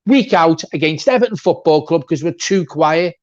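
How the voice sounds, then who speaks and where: A man's voice: fairly high pitch, animated, normal speed. A man co-hosting a fan channel, giving a blunt, swearing, repetitive rant in a football reaction chat. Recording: dull lo-fi sound.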